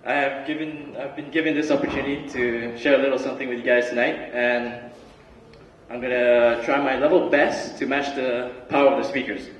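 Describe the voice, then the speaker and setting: A young man giving a relaxed, chatty student talk with lots of fillers and restarts. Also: medium pitch, a little fast, slight background noise. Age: young adult. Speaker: student speaker. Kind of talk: casual student talk and spoken word. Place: large hall. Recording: roomy hall recording from far off.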